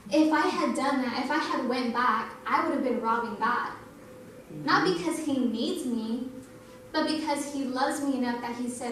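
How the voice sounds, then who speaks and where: A woman's voice: sits high, moderate pace, a bit bright, slight background noise. A young adult woman giving a testimony sermon at a youth night, talking conversationally and acting out quoted dialogue. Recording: echoey hall from a distance.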